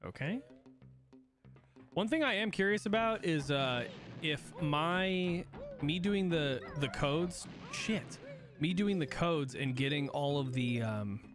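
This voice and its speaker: Young man streaming, lively swinging voice, rambling, swearing, music behind. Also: fairly high pitch, slow pace. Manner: swears freely, rambling, self-correcting. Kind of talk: casual gaming stream chat.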